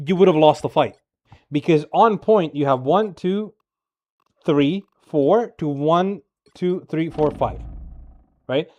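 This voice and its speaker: A man's voice: a little high, a little mellow. Blunt, profane man coaching a gamer. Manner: blunt, profane, exasperated critique; filler-heavy rapid talk with frequent "bro" and "right?". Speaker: game coach. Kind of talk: casual gameplay review coaching.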